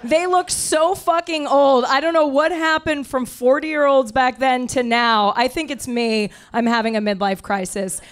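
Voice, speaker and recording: A woman's voice: high-pitched, measured pace, few pauses. A woman in her late thirties doing improvised stand-up comedy on a club stage, brash, profane and self-deprecating as she riffs on audience suggestions. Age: 30s.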